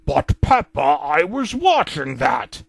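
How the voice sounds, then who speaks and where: A man voicing a tired, put-upon cartoon father pig who talks slowly and grumbles. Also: huge pitch swings, gravelly, slightly rough, no room sound, clean studio sound, full character voice. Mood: weary. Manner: slow, lower, grumbling.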